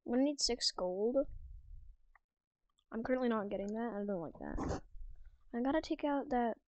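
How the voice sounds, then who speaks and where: A woman talks through her game from a room at home, chatty and self-mocking. Her voice sits slightly high and swings widely in pitch. The sound is close and dry. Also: lively intonation, moderate pace, a little mellow, no echo, lo-fi sound. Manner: chatty, self-mocking, drops into whispered asides. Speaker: gaming video creator. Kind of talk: casual gameplay commentary.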